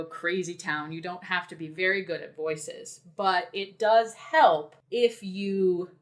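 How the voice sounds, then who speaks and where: A woman's voice: medium pitch, fairly bright tone. A woman guest on a podcast, a dungeon master, talking casually and thoughtfully with lots of fillers. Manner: unhurried, thoughtful, many fillers.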